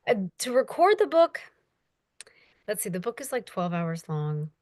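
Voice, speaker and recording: A woman's voice: unhurried, dry recording, clean studio sound. A young woman, an audiobook narrator, chatting casually as an interview guest and acting out quoted voices. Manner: animated, acts out quoted voices with big pitch jumps.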